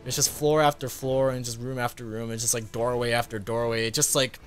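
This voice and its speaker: A man, a gaming YouTuber, telling a casual story-time vlog in a rambling way, full of fillers and quick laughs. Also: medium pitch, level tone, clear, resonant tone.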